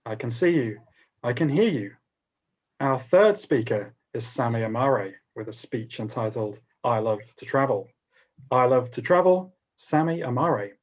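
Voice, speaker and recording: A man's voice: medium pitch, animated, measured pace. A man acting as contest master on a video call. He speaks in a polite, procedural way as he checks microphones and introduces the next speaker.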